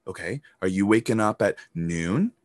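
A man's voice: fairly low pitch, moderate pace, dry recording. Pumped-up podcast guy coaching biz, swears a lot, dry close sound. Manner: energetic, emphatic, swears casually, acts out hyped voices. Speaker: podcast host and business coach. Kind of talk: motivational podcast monologue.

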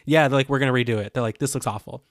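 A man's voice: mid-range voice, very fast, no echo, studio quality. A young man casually telling a story on a podcast, acting out what people said along the way. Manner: animated storytelling, acts out quotes. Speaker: podcast co-host. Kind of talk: casual chat.

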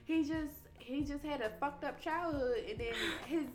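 A woman podcast host telling a story in casual, animated chat, swearing freely. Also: high-pitched, moderate pace, music in the background. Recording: roomy echo.

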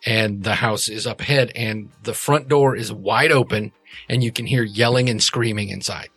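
A man's voice: fairly low pitch, moderate pace, fairly bright tone, husky, no echo. A man narrating a tabletop game as game master, rambling and correcting himself as he goes.

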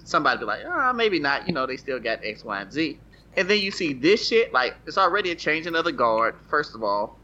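A man's voice: a little high, very animated, fast talker, sharp tone, slight background noise. A man joking in a casual group chat, swearing freely. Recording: dull lo-fi recording with faint ambience.

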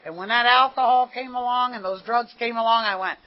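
American woman sharing her recovery story at a meeting, fairly high voice, dull lo-fi tape. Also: brisk. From United States. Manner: earnest, conversational storytelling with frequent "you know". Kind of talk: personal recovery testimony. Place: meeting room.

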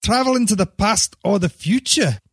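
A man voicing a gruff, dismissive bearded scientist who speaks bluntly and scornfully. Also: sits high, lively intonation, normal speed, no room sound, studio quality, pitched above the performer's own voice, exaggerated voice. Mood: skeptical.

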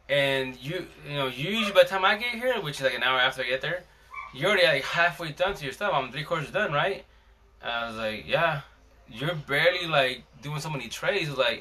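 Male live-stream host, bright tense tone, slangy rambling storyteller. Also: fairly high pitch, expressive, fairly quick, slight background noise. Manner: rambling, slangy, frequent restarts. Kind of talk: casual storytelling chat.

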